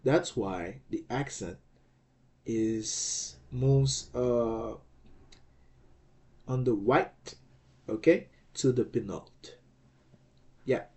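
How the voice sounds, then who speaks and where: A man explains grammar rules in an unhurried, measured lesson. His voice is dark and mellow. He repeats phrases and pauses to check that the listener follows. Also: mid-range voice. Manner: slow and deliberate, repeats phrases, frequent "okay?" checks. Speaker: Greek language teacher.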